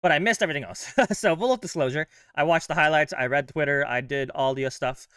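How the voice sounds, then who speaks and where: A man's voice: on the high side, brisk, fairly bright tone, clean tone, no echo, studio quality. A man hosting his own fan channel, chatting in a casual, upbeat way with plenty of loose fillers. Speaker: host of a fan sports channel. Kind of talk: casual chat.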